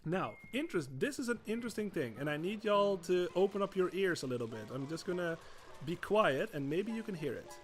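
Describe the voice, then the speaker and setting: A man's voice: high-pitched, animated, a little fast, a little hiss or hum. A man streaming a video game, chatting casually as he plays, laughing often and swearing freely. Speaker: gaming streamer. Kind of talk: gameplay commentary.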